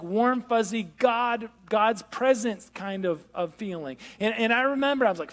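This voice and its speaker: A male pastor giving a conversational sermon with self-deprecating humor, drawing the congregation in. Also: high-pitched. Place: large church hall. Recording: long reverb of a church hall.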